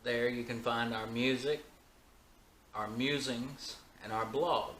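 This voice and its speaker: A man co-hosting a casual chat, laid-back and agreeable, musing slowly, in a room of an old house. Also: mid-range voice, steady tone, fairly bright tone, a little hiss or hum. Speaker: co-host, band member. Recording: echoey room, faint ambience.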